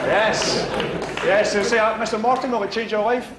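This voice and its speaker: Animated Glaswegian comedian, lively high voice. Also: male voice, fairly quick, very noisy. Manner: animated, acts out voices and exchanges. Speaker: stand-up comedian. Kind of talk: stand-up routine.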